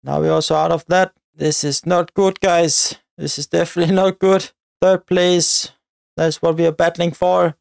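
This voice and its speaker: A man giving excitable live commentary on his football video game, often shouting at his players and the referee. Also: fairly high pitch, normal speed, creaky, no echo. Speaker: gaming YouTuber.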